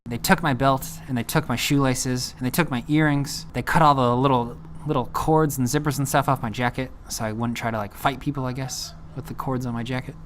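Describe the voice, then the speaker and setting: A man's voice: mid-range voice, steady tone, fairly quick, hardly any pauses, a little hiss or hum. A young man from California casually telling a story about himself, self-deprecating and rambling with fillers.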